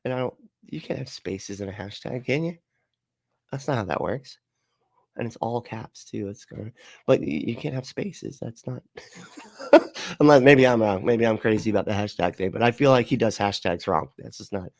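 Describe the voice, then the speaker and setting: A man's voice: on the low side, normal speed, dry recording, clean studio sound. A man hosting a livestream, giving casual reaction commentary in a profane, sarcastic way and laughing often. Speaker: livestream host.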